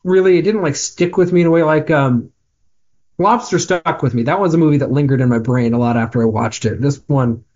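Movie podcast co-host, male, slightly high voice, hesitant and chatty, dull lo-fi audio. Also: brisk, a little mellow. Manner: chatty, hesitant, many restarts and ums. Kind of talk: casual movie review chat.

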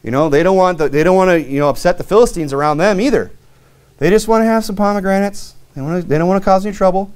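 Pastor guy preaching, kinda high voice, talks plain and earnest, says "you know" a lot. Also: very fast, hardly any pauses, darkish tone, clean tone. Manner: reads King James scripture aloud, rising in pitch on key verses. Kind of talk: sermon.

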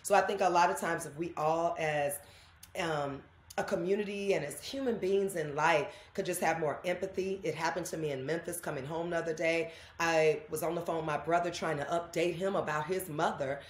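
A woman's voice: low-pitched, a little fast. A woman, chatting as an interview guest and acting out the people in her stories. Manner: animated storyteller, acts out quoted voices. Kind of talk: casual interview chat. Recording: echoey room.

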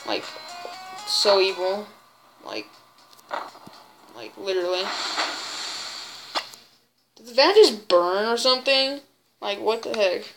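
Woman gamer, silly put-on voice, unhurried commentary with loud exclamations over game music. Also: medium pitch, sing-song. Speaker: gaming video creator. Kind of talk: gameplay commentary.

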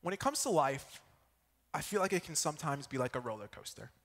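A young man giving a sermon at church, telling a personal story in a lively way and checking in with the audience as he goes. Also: fairly high pitch, brisk. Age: young adult. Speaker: student preacher. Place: church hall. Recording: echoey church hall.

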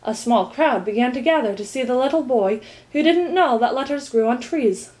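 A woman narrating a children's storybook in a lively, expressive way. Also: high voice, normal speed, rough recording. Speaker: reader.

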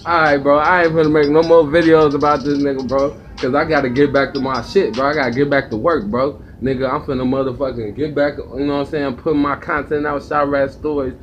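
A man's voice: on the high side, fairly even intonation, normal speed, faint music behind. A man hosting a ranting callout vlog, taunting and repeating insults between chuckles. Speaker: vlogger host. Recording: dull lo-fi audio.

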